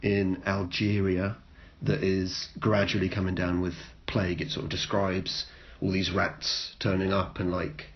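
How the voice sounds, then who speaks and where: Man, podcast host, dry joking, halting restarts, low pitch, dull recording. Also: little pitch movement. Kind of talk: casual podcast chat. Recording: muffled low-fi sound with some noise.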